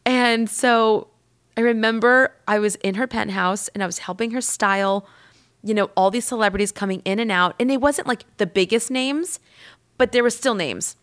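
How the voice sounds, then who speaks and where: A woman podcast host telling a rambling personal story in casual chat, with lots of "like" and lively acted-out quotes. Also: fairly high pitch, normal speed. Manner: chatty and rambling, heavy use of "like"; lively, acts out quoted people.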